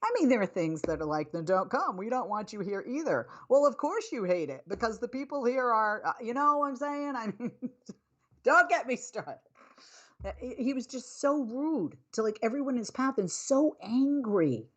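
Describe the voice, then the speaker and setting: A woman's voice: on the high side, lively intonation, moderate pace. A woman hosting a talk radio show, telling a story and then scolding listeners in an exasperated, emphatic way. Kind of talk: opinionated talk radio monologue.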